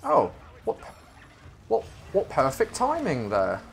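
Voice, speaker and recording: A man's voice: fairly high pitch, wildly swooping pitch, slow, vocal fry, a little hiss or hum. A man playing a game with a friend, teasing him dryly and mock-arguing in casual chat. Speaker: co-op game player. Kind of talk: casual gaming banter.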